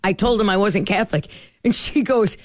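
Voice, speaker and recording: A middle-aged woman spins a story in an animated, chatty way, slipping into the voices of the people she quotes. The sound is close and dry, with no room around her. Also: medium pitch, moderate pace, no echo. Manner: animated, acts out quoted dialogue. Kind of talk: casual storytelling chat.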